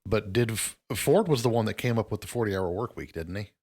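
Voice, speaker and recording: Low-voiced man making wry asides. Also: animated, brisk, darkish tone. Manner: wry, interjecting with short quips and questions. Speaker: podcast co-host. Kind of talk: casual podcast discussion.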